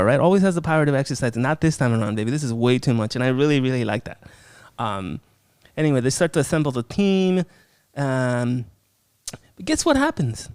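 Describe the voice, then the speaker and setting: Profane, animated man reviewing a film. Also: on the high side, clear, resonant tone, no room sound, clean studio sound. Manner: profane, animated, acts out scenes. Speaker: podcast host, horror film reviewer. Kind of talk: casual, uncensored film review.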